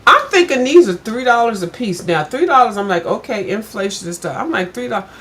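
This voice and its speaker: A woman's voice: on the high side, a little fast. An older woman, chatting casually to her viewers and telling a story with lots of asides. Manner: chatty, addresses viewers as "girl", animated when retelling. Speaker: vlogger.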